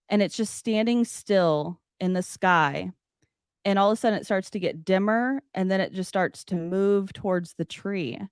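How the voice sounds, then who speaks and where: A woman telling a personal story as a podcast guest, animated and loose, with many "like" fillers. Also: medium pitch, clean tone, no room sound, studio quality. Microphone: podcast studio mic.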